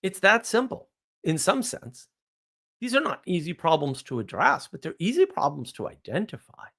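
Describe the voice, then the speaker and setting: A man delivers a blunt, ranting live stream monologue, asking questions and answering them himself. His pitch swoops widely up and down as he talks. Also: big pitch swings, moderate pace, vocal fry, fairly bright tone.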